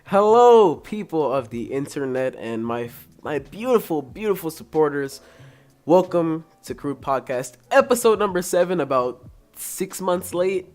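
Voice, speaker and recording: A man's voice: fairly high pitch, lively intonation, measured pace, darkish tone. A young man hosting a podcast on his own, rambling through casual, joking chat with some swearing. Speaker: podcast host.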